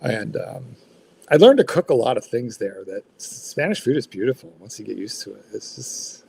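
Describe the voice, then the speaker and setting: A man's voice: fairly low pitch, sing-song, normal speed, creaky, a little mellow, husky. A man hosting a livestream in casual chat, rambling and blunt, swearing freely with lots of fillers. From United States. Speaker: livestream host.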